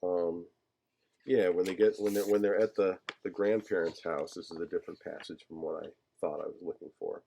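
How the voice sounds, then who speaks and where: Low, mellow-voiced man lecturing haltingly. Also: steady tone, creaky, a little hiss or hum. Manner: halting, many fillers and restarts. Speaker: teacher. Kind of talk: lecture discussing a film screenplay.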